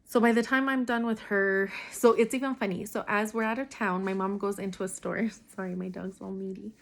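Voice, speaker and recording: A young woman talks straight to the camera and tells her own story. She speaks candidly and with emphasis, and her sentences are full of "like", restarts and asides. Her pitch sits in the middle for a woman. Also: fairly even intonation, a little fast, creaky. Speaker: vlogger telling a personal story. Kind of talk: casual storytime monologue.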